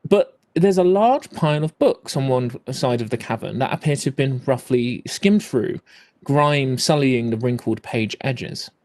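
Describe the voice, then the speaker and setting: A man's voice: medium pitch, lively intonation, unhurried, darkish tone. A man narrating a tabletop game as game master, hesitant with many fillers.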